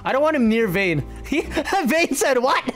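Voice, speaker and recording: A man streaming a game, chatting excitably and casually with his viewers in slang. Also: extremely high pitch, normal speed, soft background music. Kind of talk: casual livestream gaming chat.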